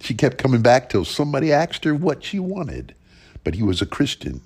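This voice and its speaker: A man telling an old ghost folk tale in a plain, unhurried folksy way, with lively rises in his voice. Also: mid-range voice, creaky, slightly rough. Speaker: storyteller.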